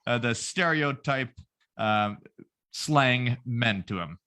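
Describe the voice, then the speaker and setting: A man's voice: mid-range voice, lively intonation, takes it slowly, pushed and bright, clean tone. A man co-hosting a podcast in casual comedic chat, joking and rambling with fillers. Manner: joking, does mocking voices, rambling with fillers. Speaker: podcast co-host.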